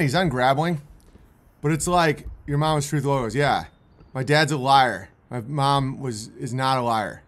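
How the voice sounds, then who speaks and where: A man commentating on video clips in a rambling, intense way, with many restarts. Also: a little high.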